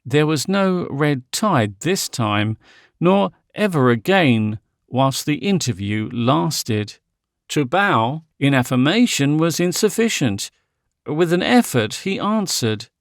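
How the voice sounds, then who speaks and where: Slow, lively male audiobook narrator. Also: a little high, no room sound, studio quality. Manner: measured, dramatic storytelling. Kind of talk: scripted narration of a Victorian horror novel.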